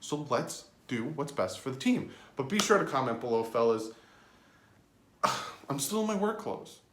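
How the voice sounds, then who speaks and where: A man's voice: sing-song, measured pace, a bit bright. Man vlogging, roomy echo. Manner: joking, sarcastic asides with sudden pitch jumps. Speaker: sports vlogger. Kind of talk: casual fan commentary.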